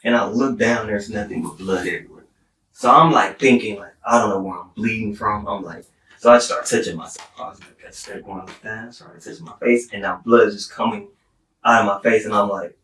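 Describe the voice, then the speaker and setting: Low-voiced man telling a story. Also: fairly even intonation, fairly quick, pushed and bright, slight background noise. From Houston, Texas. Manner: rambling, many "like" fillers and restarts. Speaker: podcast guest, singer-songwriter. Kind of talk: personal storytelling. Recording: roomy, distant mic.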